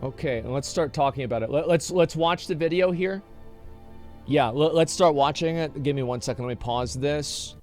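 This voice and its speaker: A man's voice: on the high side, normal speed, darkish tone, soft background music. A man streaming casually, reacting to a video with exasperated rants and many restarts. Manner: exasperated, ranting, lots of restarts.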